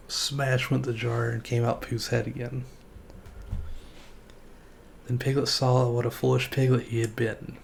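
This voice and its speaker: A man streamer reading a children's storybook aloud in a relaxed, folksy way. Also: mid-range voice, gravelly, slight background noise.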